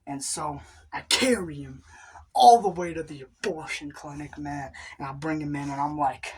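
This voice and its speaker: A woman telling an absurd satirical story in a deadpan, casual drawl. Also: low-pitched, normal speed, husky. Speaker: comedian.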